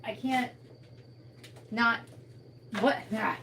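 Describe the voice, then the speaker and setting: A woman's voice: on the high side, very slow, creaky, pushed and bright, a little hiss or hum, rough recording. Tired, blunt woman livestreaming casually. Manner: blunt, swearing, tired and complaining. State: tired and in pain.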